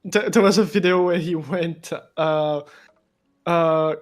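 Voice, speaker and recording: A man's voice: fairly high pitch, steady tone, slow pace. A man joking and telling playful stories on a casual group voice call. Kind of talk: casual chat.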